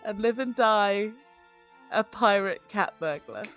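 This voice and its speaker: A woman's voice: medium pitch, animated, slow, a bit bright, faint music behind, pitched below the performer's own voice. Woman playing a boastful half-cat burglar man. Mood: smug. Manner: theatrical, boastful.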